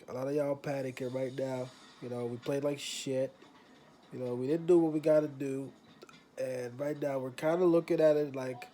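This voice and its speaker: A man's voice: mid-range voice, steady tone, normal speed, dark tone. A young man with a cold and a stuffed-up voice, talking casually to camera about his basketball team. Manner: laid-back, repeats "you know what I'm saying". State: congested from a cold. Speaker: basketball fan vlogger. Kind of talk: casual fan commentary to camera.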